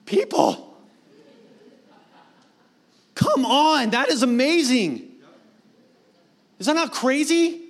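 A pastor in his thirties preaching a sermon in a casual, animated way, full of slang and acted-out asides. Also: very high-pitched, very slow, pauses often.

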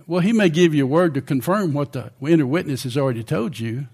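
Older man, preacher, sermon, asks the congregation questions, slightly high voice. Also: quick pace, darkish tone, breathy edge.

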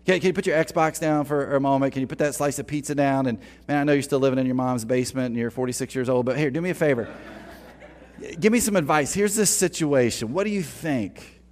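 A man's voice: medium pitch, fast, darkish tone, pitched above the performer's own voice, lightly acted. A man voicing a young male king asking his lazy friends for advice in a mocking, pleading tone.

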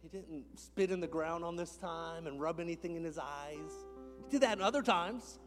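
A man preaching a sermon as a pastor in a church, moving between hushed whispers and loud, impassioned calls. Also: fairly high pitch, normal speed, faint music behind. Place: church sanctuary.

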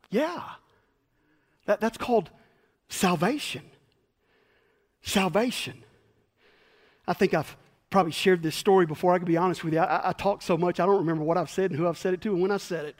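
A man pastor preaching a sermon in a fast, chatty, self-deprecating way with stammered restarts. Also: high voice, a bit bright, big-room sound.

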